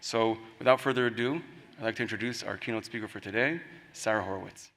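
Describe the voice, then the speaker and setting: A man's voice: fairly low pitch, quick pace, noisy background. Hesitant male host in a reverberant hall. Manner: loose, hesitant, with fillers. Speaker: conference host. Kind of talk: introducing a keynote speaker.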